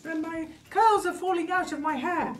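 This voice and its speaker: A woman voicing a fussy, tearful lady avocado doll in a high, wailing put-on voice for children's storytelling. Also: moderate pace, soft background music.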